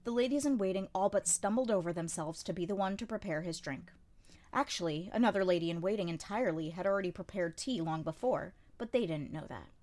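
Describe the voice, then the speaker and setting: A woman's voice: on the low side, fairly quick, darkish tone. A woman narrating a light novel as an amateur audiobook reader, in a dry, wry storytelling manner. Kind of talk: scripted narration.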